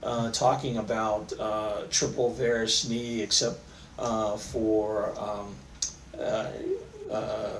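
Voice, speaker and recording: A middle-aged man, an orthopaedic surgeon, tells stories in a relaxed way, with many fillers and restarts. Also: lowish voice, slow, vocal fry, echoey room, far from the mic, a little hiss or hum, low-quality recording. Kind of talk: conversational storytelling interview.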